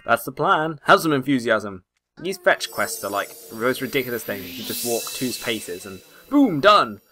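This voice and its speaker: A man's voice: mid-range voice, sing-song, moderate pace. A young man doing casual, joking let's play commentary, slangy and rambling, recorded on a home mic. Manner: loose and joking, slangy, trails off. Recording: voice over game audio with music. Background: game music.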